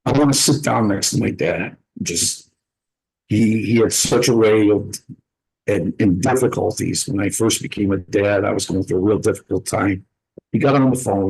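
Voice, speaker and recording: Gravelly, husky man sharing earnestly. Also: fairly low pitch, a little mellow, rough recording. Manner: earnest, reflective, pausing to gather his words. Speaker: participant sharing a personal story. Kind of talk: heartfelt personal sharing in a group conversation.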